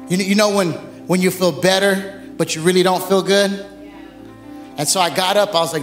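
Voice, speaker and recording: A man preaching as pastor, in a lively, conversational sermon full of humor, while recovering from bronchitis. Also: high voice, normal speed, faint music behind. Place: church sanctuary. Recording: echoey church hall.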